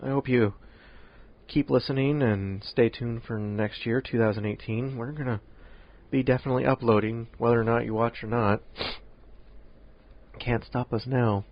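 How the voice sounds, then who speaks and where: A man's voice: mid-range voice, fairly even intonation, moderate pace, pauses often, muffled recording. A man hosting a casual solo podcast, rambling and joking at his own expense. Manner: rambling, joking, self-deprecating. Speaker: podcast host.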